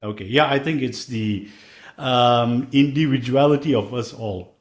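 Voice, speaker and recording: A man's voice: medium pitch, unhurried, echoey room. Man hosting a podcast interview. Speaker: podcast host.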